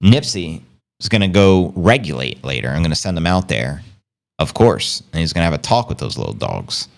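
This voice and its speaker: A man's voice: low voice, sing-song, normal speed, gravelly. Hyped, chatty male livestream host. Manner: hyped, loose and chatty with shout-outs. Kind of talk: casual livestream news commentary.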